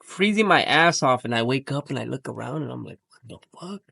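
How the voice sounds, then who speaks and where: Gravelly-voiced man telling a rambling story. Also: medium pitch, lively intonation, a little fast, bright, forceful tone, no echo. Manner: rambling, heavy slang and swearing, acts out quotes. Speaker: podcast storyteller. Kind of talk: casual storytelling chat.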